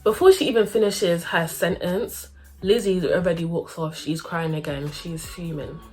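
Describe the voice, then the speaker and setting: A young woman telling a casual, animated storytime full of slang and acted-out voices. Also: fairly low pitch, moderate pace, faint music behind. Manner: animated, slangy, acts out everyone's lines.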